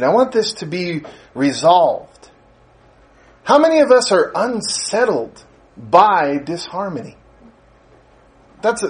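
A male pastor preaching a sermon, asking his listeners question after question and laughing as he tells stories. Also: on the high side. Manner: animated, rhetorical questions, laughs while telling stories.

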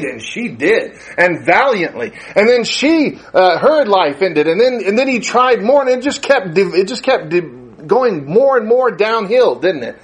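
A man's voice: high-pitched, a little slow, few pauses. A male pastor preaching a sermon, asking his listeners question after question and laughing as he tells stories. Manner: animated, rhetorical questions, laughs while telling stories.

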